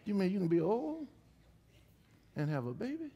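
A middle-aged man preaching a sermon in a church, with lively call-and-response to the congregation. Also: high voice, moderate pace, highs cut off, a little hiss or hum. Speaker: pastor. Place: church sanctuary.

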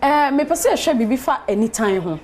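A woman's voice: high voice, animated, fairly quick, a little mellow, slight background noise. A woman hosting a TV chat show, talking in a sing-song way and repeating words in rhythmic runs. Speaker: talk show host. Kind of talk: lively TV chat show hosting with on-air promos.

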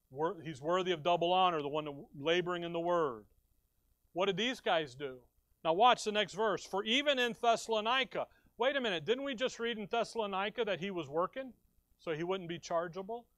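A man's voice: sits high, fairly bright tone, dry recording. A man preaching a sermon from the pulpit, talking conversationally and rising to emphatic bursts. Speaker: pastor. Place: church sanctuary.

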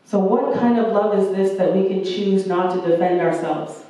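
A young woman preacher gives an earnest, warm sermon full of storytelling in a church hall, slipping into the voices of the people she quotes. Her mid-range voice holds a steady tone at normal speed, and the very roomy sound comes from some distance off the mic.

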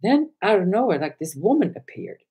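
A hoarse man talking on a live stream, retelling an encounter with animated, indignant energy. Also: high voice, a little fast. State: hoarse from shouting. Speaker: online commentator.

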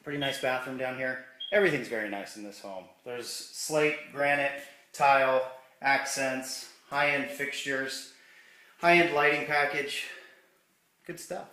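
A real estate agent with a medium-pitched, bright, forceful voice moves at a measured pace through a large empty house, joking casually and upbeat as he films the tour on a handheld camera. His voice echoes through each empty room he walks into.

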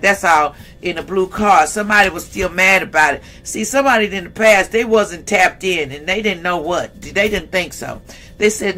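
A tarot reader chatting through a reading in a loose, slangy way. The delivery is bold and blunt, speaking right to viewers with frequent laughs. The pitch sits in a middle range. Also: bright, forceful tone, a little hiss or hum. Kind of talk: casual tarot reading vlog.

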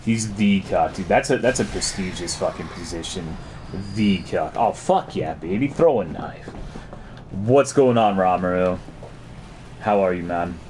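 Very deep-voiced laid-back male streamer. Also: animated, unhurried, a little mellow, a little hiss or hum. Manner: laid-back, crude, reads out and answers chat. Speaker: game streamer. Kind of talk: casual live-stream chat.

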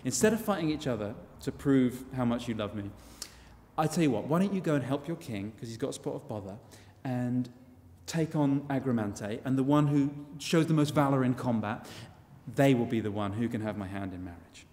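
A man's voice: mid-range voice, animated, brisk, a little mellow, close to an everyday voice. A coy, self-assured princess, as a male storyteller puts her on, coaxes in a breezy, lightly raised voice. The sound carries a long church reverb. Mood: coaxing.

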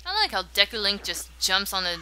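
A woman talks through a video game playthrough in a casual, joking way, tossing off sarcastic asides. Her voice sits at an ordinary middle pitch. Clear game music runs underneath. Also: big pitch swings, a little fast, sharp tone. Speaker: let's play host. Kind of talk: let's play commentary.

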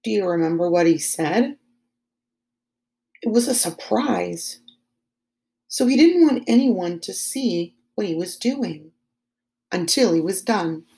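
A woman teaching second graders, asking slow, encouraging questions about a story. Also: medium pitch, expressive, gravelly, mellow. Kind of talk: online lesson for young children.

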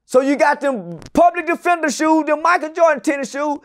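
Middle-aged male guest with a high voice, swears a lot, acts out every character in his story, loud and animated. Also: brisk. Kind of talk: animated storytelling in a casual interview.

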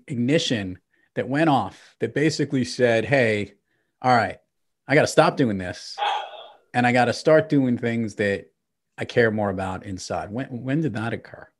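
A man hosting an interview podcast, asking questions in a halting way as he searches for words. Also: medium pitch. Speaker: podcast host.

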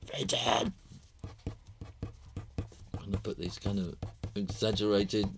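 A man's voice: deep voice, moderate pace, creaky, noisy background. A British man, an illustrator, chatting and laughing often as he talks through a drawing tutorial. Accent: British English.

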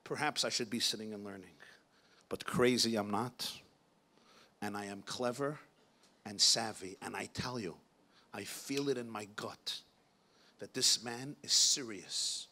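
Guy doing an old grandpa, way low and hushed, slow and solemn, kind of bright tone. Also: full character voice. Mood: grave. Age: older. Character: old Holocaust-survivor grandfather, rich businessman, grave and wise.

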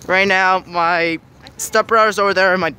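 Filming his family walk on a snowy city street with a handheld camera, a young adult vlogger narrates casually, rambling and upbeat as he hunts for words. His voice sits high, steady, pushed and bright, at normal speed. Traffic and street noise fill the outdoor recording.

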